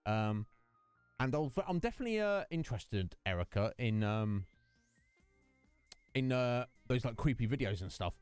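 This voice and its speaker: A man's voice: medium pitch, lively intonation, moderate pace, long pauses, darkish tone, smooth, dry recording, soft background music. A man chatting casually with his stream viewers, rambling between topics and greeting them by name. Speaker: game streamer.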